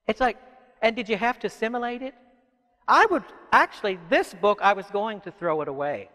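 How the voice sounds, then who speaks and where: A man who is an author, giving an animated, rambling talk to a live audience and dropping in lots of "you know" asides. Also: high-pitched, a little fast. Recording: echoey hall.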